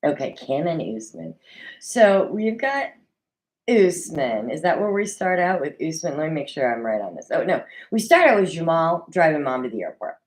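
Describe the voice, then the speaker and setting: Solo recap host, woman, lively swooping delivery, slightly low-set voice, chatty and opinionated. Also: normal speed, low-quality recording. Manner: chatty, opinionated, animated with mock quoted voices. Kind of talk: casual solo recap commentary. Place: at a desk at home.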